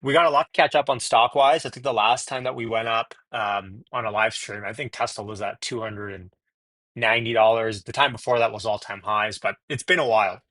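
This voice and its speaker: A man's voice: lowish voice, fairly even intonation, brisk, a bit bright, no echo. A man hosting a casual live stream from home, chatting and greeting viewers by name as they join, talking into wireless earbuds.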